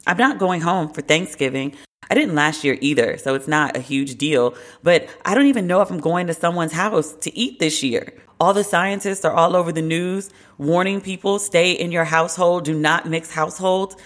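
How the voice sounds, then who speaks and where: Podcast host, casual solo commentary, chatty, wry, mid pitch. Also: normal speed. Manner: chatty, wry, animated retelling.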